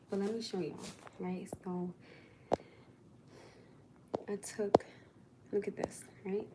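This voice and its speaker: A woman with a mid-range voice chats casually with viewers on a livestream, with background noise audible. She talks to the people watching in an exasperated, chatty way.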